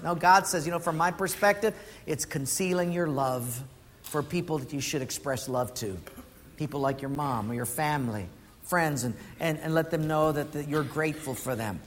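A pastor preaches a sermon, telling stories and posing questions to the congregation, in an echoey hall with faint noise. His voice is a little high, a bit bright, at a moderate pace.

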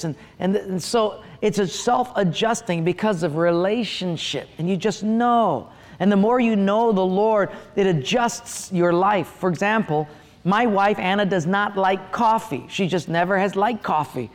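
A middle-aged male pastor gives a sermon. He speaks in a high voice and mixes playful, humorous stories into his teaching. His words carry a long reverb, as if they fill a large hall. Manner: humorous storytelling, lively asides.

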